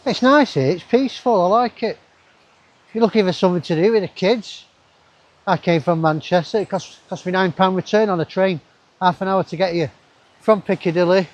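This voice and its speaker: Walking through a river gorge, a man talks briskly to his camera in a high voice. The travel vlogger's casual commentary rambles, with asides muttered to himself.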